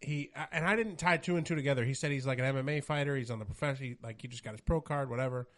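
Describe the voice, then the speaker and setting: Man, mid-pitched voice, casual podcast chat, relaxed and swearing. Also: rapid-fire. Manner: laid-back, profane, retells with quoted voices.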